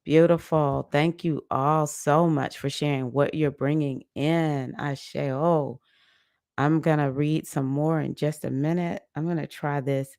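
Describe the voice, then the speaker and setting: A woman hosting a live online women's circle, reading out chat comments in a soft, affectionate, unhurried way. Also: low voice, steady tone, creaky, dry recording, clean studio sound. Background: music playing.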